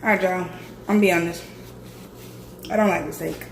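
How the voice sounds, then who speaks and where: A woman vlogger with a raspy, hoarse voice from a sore throat, chatting straight to her viewers. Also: on the low side, steady tone, a little fast, roomy sound, slight background noise. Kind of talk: casual vlog chat.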